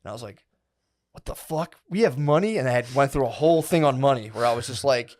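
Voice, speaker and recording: A man's voice: medium pitch, fast talker, darkish tone. A man hosting a podcast, telling a long story in casual chat, full of swearing, fillers like "dude" and "like", and quoted voices. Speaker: podcast host.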